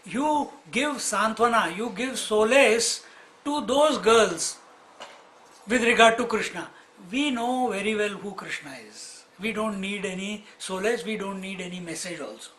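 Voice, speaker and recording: A man, a swami teaching scripture in an explanatory, storytelling lecture with frequent pauses. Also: sits high, fairly bright tone, slight background noise, rough recording.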